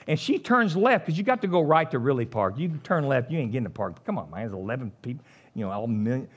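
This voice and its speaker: This is a preacher giving a loose, conversational sermon in a fairly high voice. He talks like a neighbor telling stories, folksy and lively. His pitch swoops widely, climbing into bright exclamations and then sinking into low, confiding asides. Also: fairly quick, breathy edge. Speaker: pastor.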